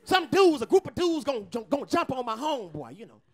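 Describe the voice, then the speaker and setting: High-voiced man doing stand-up. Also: fairly quick. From Tuscaloosa, Alabama. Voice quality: unusually high, soft voice. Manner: brash, profane, animated storytelling. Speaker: stand-up comedian. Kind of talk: stand-up comedy set. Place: comedy club stage.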